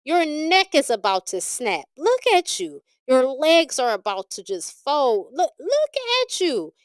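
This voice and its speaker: Woman, tarot reader, high voice, swooping lively pitch, blunt and profane, dry close sound. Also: a little slow, no room sound. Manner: blunt, profane, animated ranting; frequent laughter. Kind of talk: livestream tarot reading.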